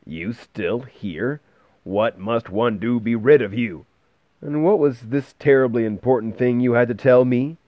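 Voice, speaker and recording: A man voicing a gruff, grumbling old male bookseller who speaks slowly and with disapproval, recorded with a dull, dry sound. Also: medium pitch, dry recording, voice pushed up, close to an everyday voice.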